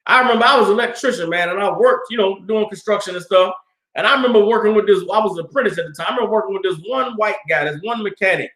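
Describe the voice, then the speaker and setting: A man's voice: high voice, rapid-fire. A man in his thirties from the Washington, D.C. area, telling stories casually and animatedly as a class speaker. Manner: animated, colloquial, acts out quoted dialogue. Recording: roomy echo.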